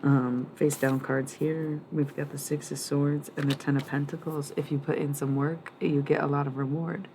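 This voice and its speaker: Gravelly woman doing a tarot stream. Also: low-pitched, flat delivery, normal speed, few pauses, mellow, a little hiss or hum. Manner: rambling, blunt and profane, laughs often. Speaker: livestream tarot reader. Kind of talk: casual tarot reading on a livestream.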